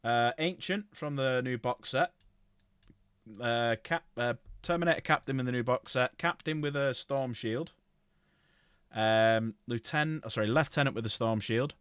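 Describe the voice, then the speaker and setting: A man's voice: mid-range voice, a little slow, fairly bright tone, clean tone, no echo, clean studio sound. A man chatting casually on a livestream, rambling through long lists and correcting himself as he goes. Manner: rambling, self-correcting, lists items aloud. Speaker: streamer.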